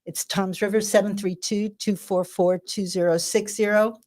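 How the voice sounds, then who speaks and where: A middle-aged woman from New Jersey hosting a radio talk show, telling a joke with a deadpan delivery and then signing off. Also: mid-range voice, normal speed.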